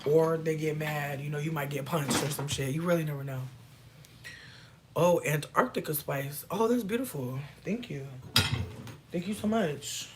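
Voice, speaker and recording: A woman's voice: low voice, moderate pace. Chill woman streaming, cussing n joking w chat, bit of hiss behind her. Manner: laid-back, playful, swears freely. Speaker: livestreamer answering chat. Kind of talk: casual livestream chat.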